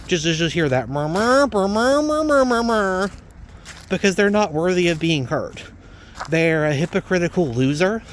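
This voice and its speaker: A man with a somewhat high voice delivers a ranting vlog monologue. He talks bluntly and indignantly and hammers the same points again and again. A faint hiss of background noise sits under his voice. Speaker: vlogger.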